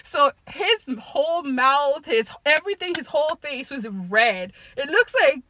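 A woman's voice: high voice, unhurried, slight background noise. A young woman in her twenties co-hosting a podcast, telling a story in casual, profane chat and acting out what people said. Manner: profane, animated storyteller who acts out quotes. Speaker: podcast co-host.

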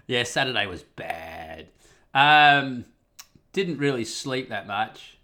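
A man's voice: mid-range voice, lively intonation, slow, bright, forceful tone. A man telling a personal story in a casual, rambling monologue, wry and full of swearing. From Australia.

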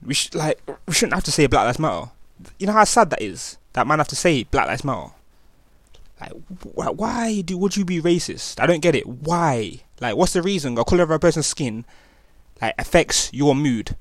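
A man's voice: on the high side, very animated, moderate pace, a bit bright, no room sound. Young Nottingham man talking slangy street talk. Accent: Nottingham, East Midlands English. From England. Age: young adult. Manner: slangy street talk, many fillers and restarts. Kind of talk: casual personal testimony.

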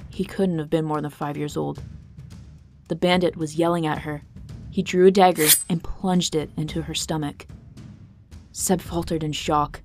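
A woman's voice: sits low, fairly even intonation, moderate pace, a little mellow. A woman narrating a fantasy story podcast in a dramatic, tense storytelling manner. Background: faint guitar music.

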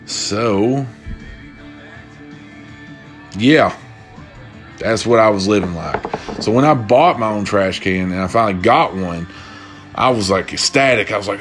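Male podcast host, lowish voice, rambling and profane, faint music under him. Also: fast. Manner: profane, rambling, animated storytelling with quoted voices. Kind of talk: casual solo podcast rant. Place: at home, drinking bourbon while recording.

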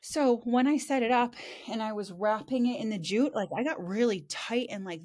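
Woman podcast host, high-ish voice, swears a lot and rambles through her stories. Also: moderate pace. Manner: swears freely, rambling animated storytelling. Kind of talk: casual chat.

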